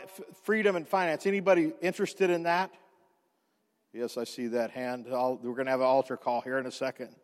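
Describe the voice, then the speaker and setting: High-voiced man preaching in a hall. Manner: animated storytelling, restarts and repeated words. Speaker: pastor. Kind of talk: sermon with personal story.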